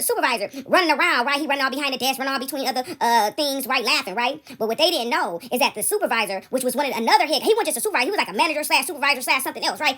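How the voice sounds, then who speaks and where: A young woman spins a casual story straight to her audience, her voice high and bright. She talks fast, swings all over her pitch range, and laughs along the way. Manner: animated, laughs often, talks to the audience directly.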